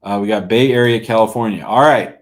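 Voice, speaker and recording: A middle-aged male lawyer running a live call-in stream, reading viewer comments aloud. He is blunt and jokey, and his voice sits a little low. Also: a little fast. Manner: blunt, joking, reads chat comments aloud. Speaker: immigration lawyer hosting a live call-in show. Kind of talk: casual live-stream chat.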